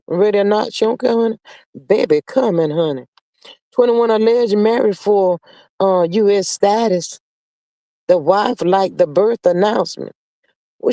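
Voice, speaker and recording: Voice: mid-range voice, darkish tone. A sassy live stream host chatting gossip and reading viewer comments, drawling out pet names between playful hums. The voice sits in a middle register and sounds dry and close, with no room echo. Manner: sassy and drawling, full of "child" and "honey" asides; playful, with sing-song hums and laughs.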